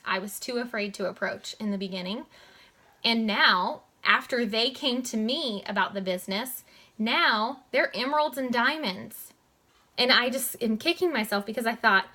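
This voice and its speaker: A young woman giving a motivational coaching talk to her network marketing team, talking in a direct, animated way and saying "like" and "guys" a lot. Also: on the high side, moderate pace.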